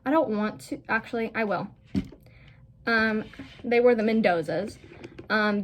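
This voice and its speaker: A woman's voice: a little high, a little hiss or hum. A young woman telling a casual storytime vlog, rambling with lots of "like" fillers and blunt, profane asides. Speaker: vlogger.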